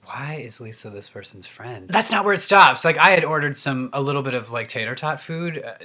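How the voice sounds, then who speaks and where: Bright-voiced man ranting animatedly. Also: mid-range voice, a little fast. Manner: animated, gets worked up. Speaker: actor and vlogger. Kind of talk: humorous rant.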